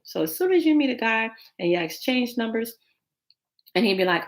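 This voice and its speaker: A woman's voice: fairly high pitch, brisk. A woman dating coach hosting a podcast, giving casual advice and acting out text exchanges in quoted voices. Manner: animated, acts out texts in quoted voices.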